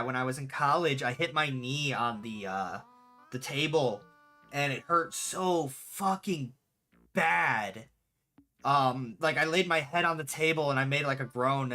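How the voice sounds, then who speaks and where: A streamer in their late twenties, chatting casually on a livestream, answering chat and telling stories with lively swearing. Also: mid-range voice. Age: late 20s. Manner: animated storyteller, swears freely, answers chat aloud. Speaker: streamer and game developer.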